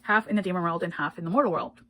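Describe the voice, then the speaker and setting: A woman's voice: lowish voice, rapid-fire, fairly bright tone, low-quality recording. A woman giving a casual spoken book review, retelling the plot in a blunt, indignant way and swearing freely.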